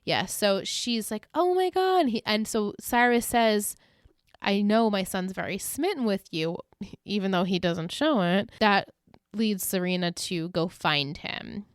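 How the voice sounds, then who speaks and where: A woman co-hosting a chatty podcast, retelling a show's scenes with energy and slipping into quick voices for each character. Her voice is smooth and clear, mid-pitched, recorded close and dry with no room sound. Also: no room sound. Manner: animated retelling with quoted character voices, laughing often. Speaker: podcast co-host. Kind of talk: casual recap chat.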